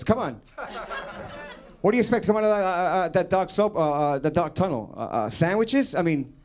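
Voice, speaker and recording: Stand-up comic from New York City, high voice, rambling style. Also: male voice. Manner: rambling, many uh fillers and restarts. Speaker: stand-up comedian. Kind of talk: stand-up set.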